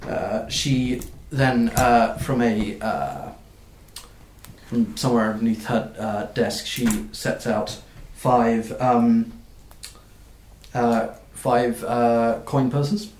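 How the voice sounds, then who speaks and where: A man narrating as game master of a tabletop game, halting and full of fillers. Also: mid-range voice, steady tone, a little mellow, roomy sound, a little hiss or hum. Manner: halting, with many fillers and restarts.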